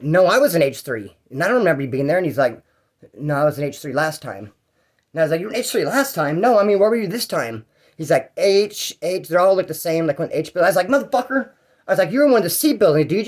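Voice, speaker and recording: A man from Bakersfield, California, rattles off prison stories at a quick clip in a slightly high voice. He talks in a rambling, profane way and acts out both sides of every exchange. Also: darkish tone. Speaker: storyteller recounting prison life. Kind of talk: casual storytelling vlog.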